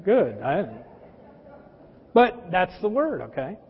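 Male pastor, high-pitched, folksy storytelling sermon; lo-fi sound with long church reverb. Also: big pitch swings, slow pace, husky. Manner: folksy, addresses listeners as folks; personal anecdotes and humor. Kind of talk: conversational sermon. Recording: dull lo-fi with long hall reverb.

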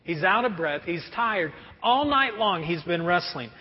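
A pastor preaching a sermon in a conversational, animated way. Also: male voice, high-pitched, measured pace. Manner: animated, conversational, acts out prayers. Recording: dull recording with long hall reverb.

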